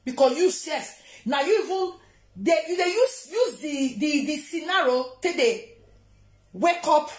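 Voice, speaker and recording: A woman's voice: sits high, animated, measured pace. A Nigerian woman vlogger ranting to camera, scolding and taunting someone. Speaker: social media vlogger. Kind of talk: confrontational rant to camera. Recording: roomy echo.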